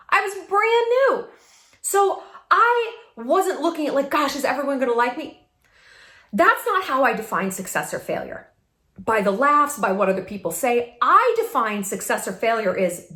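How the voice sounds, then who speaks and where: Woman vlogger, emphatic, laughs often, high voice, echoey room. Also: sharp tone. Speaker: vlog host. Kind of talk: casual motivational talk to camera.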